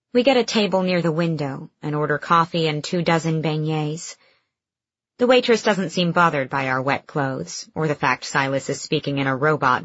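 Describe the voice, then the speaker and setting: A woman narrating an audiobook in the first person with lively, expressive storytelling. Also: low voice, dry recording. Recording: dull dry studio recording.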